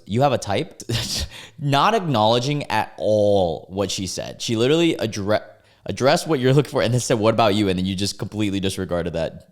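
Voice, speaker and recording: A young American man with a slightly low voice chats casually as he reacts to what he reads. He laughs often, trails off, and restarts his sentences. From United States. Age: 20s. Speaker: YouTuber reacting to dating app posts.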